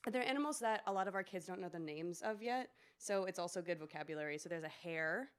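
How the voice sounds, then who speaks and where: A woman's voice: lowish voice, animated, fast, clean tone. A woman who teaches preschool, co-hosting a podcast in casual chat full of fillers. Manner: chatty, many fillers, acts out story voices.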